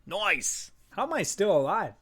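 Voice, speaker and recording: A male streamer talks casually with his viewers while playing a trivia game. His pitch swings widely and animatedly, and he keeps breaking into loud, sweary outbursts whenever he gets an answer wrong. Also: a little slow, husky. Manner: excitable, loud outbursts and swearing when losing.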